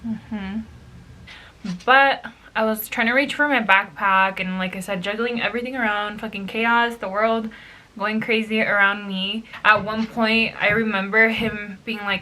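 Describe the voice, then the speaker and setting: Young woman beauty vlogger, bright-toned, chatty storyteller who swears and mixes in Spanish. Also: on the high side, steady tone, moderate pace. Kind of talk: casual storytime while doing makeup.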